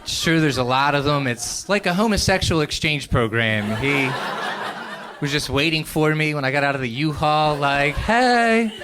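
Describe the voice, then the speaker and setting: A young man doing a stand-up set in a comedy club, telling stories with animated voices and sudden loud outbursts. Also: on the high side, normal speed, background noise.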